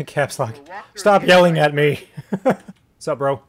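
A man commenting on a horror game during a livestream, cracking deadpan jokes and yelping at sudden scares. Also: fairly high pitch, takes it slowly. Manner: joking, deadpan asides, sudden yelps at scares. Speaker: game streamer. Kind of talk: live horror gameplay commentary.

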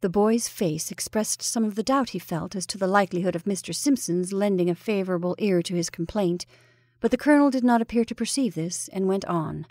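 A woman's voice: medium pitch, brisk, a little mellow, no echo, clean studio sound. Woman reading a ghost story aloud.

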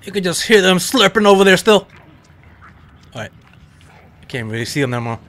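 A man playing a horror game on video, commenting excitedly, yelling and swearing at the scares and talking to his viewers. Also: high voice, brisk, a little hiss or hum. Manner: loud exclamations and swearing, laughs often; addresses viewers as psychos. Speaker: let's play gamer.

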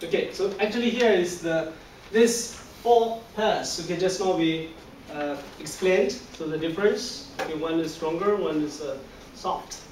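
Slow high-voiced male teacher, echoey room. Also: darkish tone. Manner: patient, coaxing, laughs often; models sounds by repeating them. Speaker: Chinese language teacher. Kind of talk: classroom tone drilling. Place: classroom. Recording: echoey room, distant mic, faint noise.

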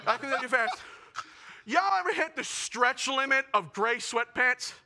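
A young man performing a self-mocking stand-up comedy set, building to shouted punchlines. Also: very high-pitched, very animated, unhurried, gravelly. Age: young adult.

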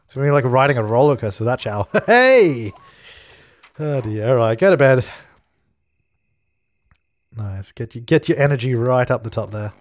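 A man's voice: mid-range voice, a little fast, pauses often, a little mellow, dry recording. Chatty man narrating his gameplay. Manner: chatty, talks to his characters as he plays. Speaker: let's play host. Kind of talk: casual gameplay commentary.

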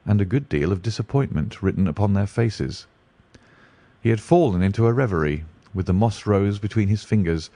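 A man narrating a classic story in a measured, even manner. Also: sits low, dry recording.

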